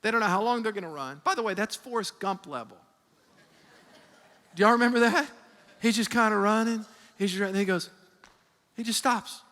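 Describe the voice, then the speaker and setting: A man in his fifties, a pastor preaching a sermon with call-and-response and animated storytelling. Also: sits high, fairly quick, pauses often. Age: 50s. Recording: long reverb of a large hall.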